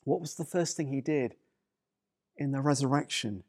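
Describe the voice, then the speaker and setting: A man's voice: mid-range voice, moderate pace, darkish tone, dry recording, clean studio sound. A man preaching a sermon to people watching at home. He speaks with emphasis and repeats key phrases. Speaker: pastor.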